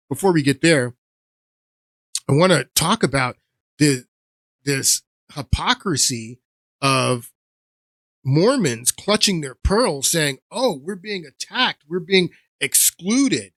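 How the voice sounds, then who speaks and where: A man's voice: on the high side, fairly bright tone, no echo, clean studio sound. A man hosting his own podcast, giving emphatic, repetitive opinion commentary with many restarts. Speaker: podcast host.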